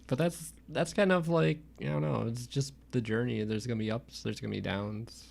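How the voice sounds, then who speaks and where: Young man, podcast co-host, casual chat, laid-back, teasing, gravelly, middle pitch. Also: fairly even intonation, moderate pace, a little mellow.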